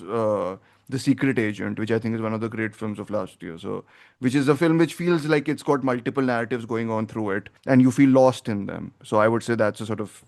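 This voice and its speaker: A man hosting a film podcast, talking in a rambling, opinionated way as he thinks aloud. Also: medium pitch. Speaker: podcast host. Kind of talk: casual film review chat.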